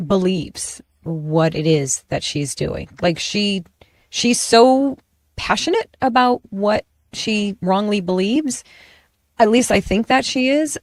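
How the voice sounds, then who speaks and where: Woman host, middle pitch, animated and self-interrupting, political chat, very dry recording. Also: dry recording.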